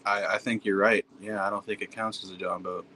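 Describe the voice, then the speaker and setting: A man's voice: lowish voice, flat delivery, brisk, bright, forceful tone, low-quality recording. A man from Pennsylvania, a podcast guest, telling stories in a laid-back, blunt and profane way. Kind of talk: casual storytelling chat.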